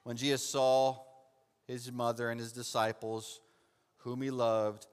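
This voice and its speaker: A man preaching a sermon and reading from the Bible, swinging between loud fervent passages and hushed soft ones, and calling his listeners "saint". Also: mid-range voice, flat delivery, unhurried, clear, resonant tone. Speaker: pastor. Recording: long hall reverb.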